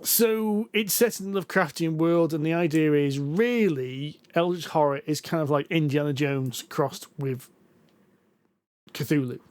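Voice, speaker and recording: Rambling podcast host, higher voice. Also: male voice, measured pace, a little mellow, no echo. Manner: rambling, self-deprecating storytelling. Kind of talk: casual chat about board games.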